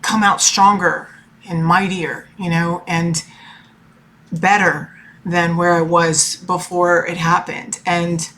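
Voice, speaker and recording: A woman's voice: on the low side, little pitch movement, takes it slowly, a bit bright. A woman in her forties talking about her family in a personal vlog, emotional and rambling, full of fillers and restarts. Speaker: tarot reader and life coach.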